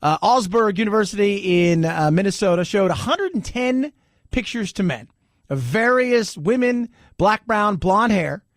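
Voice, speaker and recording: A man's voice: high-pitched, animated, unhurried, no echo, studio quality. A man hosting a talk radio show, chatting casually and rambling, often laughing at his own stories. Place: radio studio. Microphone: studio microphone.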